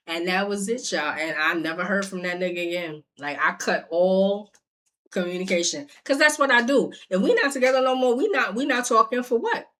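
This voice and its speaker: A woman's voice: mid-range voice, a little fast. A young adult woman telling a personal story in a casual vlog, blunt and profane, talking straight to her viewers. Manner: blunt, profane, animated, addressing viewers directly. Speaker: storyteller vlogger.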